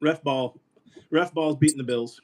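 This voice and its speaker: A man in casual chat, ranting about sports calls with swearing and quick asides. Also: on the high side, steady tone.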